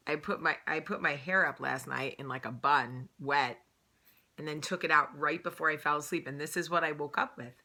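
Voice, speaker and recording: A woman's voice: sits low, moderate pace, pushed and bright. A woman with a New Jersey accent hosting a casual morning vlog, chatty and rambling, laughing at herself often. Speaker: vlog host. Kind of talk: casual morning chat to camera.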